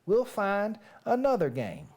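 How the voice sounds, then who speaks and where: A woman's voice: mid-range voice, huge pitch swings, a little slow, mellow. A woman reading a coaxing Southern fox. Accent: put-on Southern US. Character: patient, pushy male fox quizmaster.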